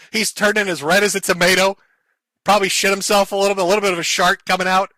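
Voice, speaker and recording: Male commentary host: high bright voice, dry close sound, crude and mocking delivery with frequent laughs. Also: no echo. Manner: profane, sneering, laughs often.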